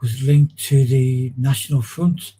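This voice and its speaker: Husky, mellow-voiced man reminiscing. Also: medium pitch, little pitch movement, a little slow, low-quality recording. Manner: rambling, digressive, many restarts. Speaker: guest. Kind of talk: casual chat, reminiscing.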